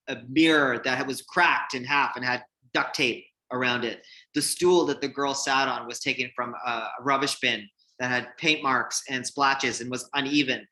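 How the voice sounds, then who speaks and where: Man, forties, bright tense tone, casual storytelling, animated, acts out quotes, lots of "like". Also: medium pitch, low-quality recording. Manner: animated, acts out quoted people, many fillers. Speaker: hairstylist telling his career story.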